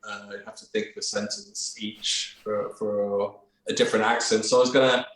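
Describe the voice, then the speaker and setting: A man's voice: on the low side, level tone, moderate pace, a bit bright. A man hosting a casual panel chat, laughing often and swearing casually. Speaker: host. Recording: roomy echo.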